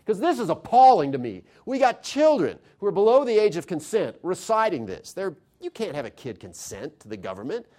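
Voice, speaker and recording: A man with a fairly high-pitched voice delivers a live lecture on constitutional theory. He talks in a lively, conversational way and often puts questions to his audience.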